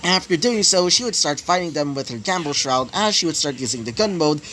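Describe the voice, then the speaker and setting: A man's voice: a little high, expressive, a little fast, pushed and bright, a little hiss or hum, poor audio. A man improvising a fan story, rambling with many fillers.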